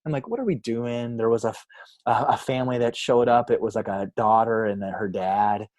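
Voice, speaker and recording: A pastor telling a story in a podcast interview, with animated delivery and quoted voices. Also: male voice, on the low side, a little fast, dry recording. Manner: animated, acts out quoted voices, frequent fillers.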